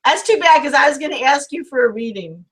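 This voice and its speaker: A woman's voice: high-pitched, lively intonation, quick pace, fairly bright tone, poor audio. A woman from St. Louis, Missouri, hosting a casual video-call interview, chatty and teasing in her questions. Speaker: podcast host.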